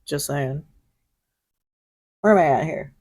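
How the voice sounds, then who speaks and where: A woman's voice: deep voice, takes it slowly, a little mellow. A woman hosting a casual vlog, talking in a jokey, salty way and swearing freely. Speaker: host. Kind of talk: casual chat.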